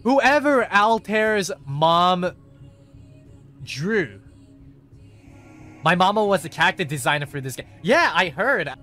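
A man chatting casually on stream, excitable and prone to squeals and giggles. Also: high-pitched, takes it slowly, pauses often, faint music behind. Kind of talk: casual chat.

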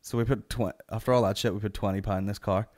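A man's voice: lowish voice, steady tone, fast talker, a little mellow. Sweary Northern Irish man telling stories. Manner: sweary, rambling anecdotal delivery. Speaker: podcast host. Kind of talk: solo comedy podcast storytelling.

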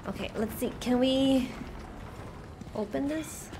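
Chatty streamer woman who yells, fairly high voice. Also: slow. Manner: chatty, bursts into yelling. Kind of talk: let's play commentary. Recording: noisy background.

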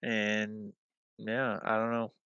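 A man's voice: lowish voice, completely flat delivery, slow pace, bright, forceful tone, clean tone, dry recording, dull audio. A young man telling a personal story in casual podcast chat, rambling with lots of fillers and the odd swear word. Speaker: guest.

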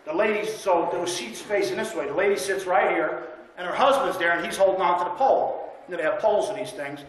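A man with a high, light voice preaches in a folksy, conversational manner, telling stories and drawing amens from the congregation. His voice rings through a very echoey church room. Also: fast, slight background noise. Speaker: guest preacher. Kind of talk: sermon with storytelling. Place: church sanctuary.

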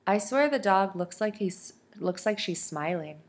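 A woman, a teacher, reading a novel aloud in soft, steady storytelling. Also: mid-range voice, a little slow. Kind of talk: audiobook narration.

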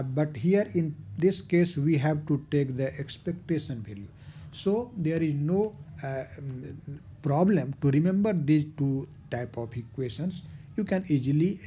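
A man giving a recorded physics lecture, repeating key terms slowly with fillers. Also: on the high side, animated, dark tone, slight background noise.

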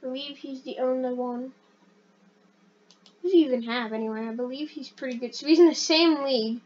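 A high-pitched woman chatters through her gameplay, rambling and excitable, often poking fun at herself. Her casual commentary comes through a dull, lo-fi mic. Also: a little fast. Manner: rambling, excitable, self-deprecating. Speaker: gaming channel host.

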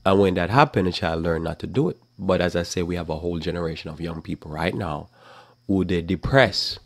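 A man's voice: low voice, fairly quick, gravelly, dry recording. A middle-aged man teaching the Bible in a conversational sermon, acting out little exchanges as he preaches. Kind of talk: live talk program sermon.

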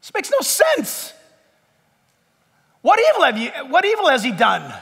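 A man's voice: very high voice, wildly swooping pitch, measured pace, vocal fry, fairly bright tone, full character voice. A male preacher voicing an exasperated Roman governor in disbelief, in a reverberant church. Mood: incredulous. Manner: incredulous, pleading.

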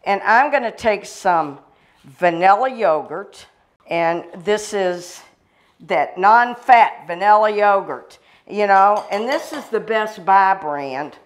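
A woman's voice: medium pitch, expressive, slow pace. A woman chef with a Southern accent giving a folksy, chatty cooking demonstration. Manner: folksy, chatty, says y'all and sister.

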